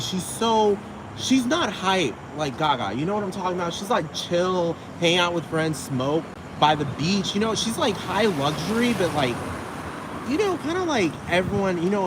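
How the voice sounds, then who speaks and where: A young man rambling profanely in a casual vlog monologue, repeating his phrases over and over. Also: a little high. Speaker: vlogger. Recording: loud traffic noise outdoors.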